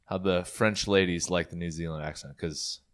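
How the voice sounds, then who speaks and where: A man's voice: low voice, fairly even intonation, moderate pace, a bit bright, smooth. A man hosting a podcast, chatting in an easygoing way and signing off heartily. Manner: easygoing, hearty sign-offs. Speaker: podcast host. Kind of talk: casual chat.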